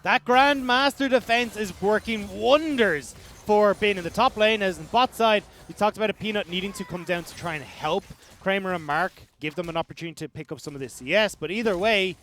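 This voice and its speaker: A man casting an esports match as the analyst, talking quickly in a fairly high voice. He breaks down lane states and team plans in long, explanatory runs. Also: fairly bright tone, slight background noise. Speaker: esports caster. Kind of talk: analytical esports color commentary.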